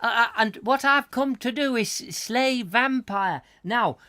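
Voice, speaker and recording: Man putting on Buffy, a shrill northern lass. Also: takes it slowly, clear, resonant tone, exaggerated voice. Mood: chirpy. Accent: Northern English. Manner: chirpy, rambling, loud. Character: daffy northern English woman vampire slayer.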